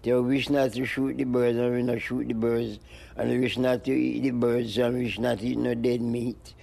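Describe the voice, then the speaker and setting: An older man, an interview guest, rambling in slow looping phrases and breaking into high-pitched animal noises. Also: flat delivery, gravelly, warm tone. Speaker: interview guest, music producer. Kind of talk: rambling stream-of-consciousness chat.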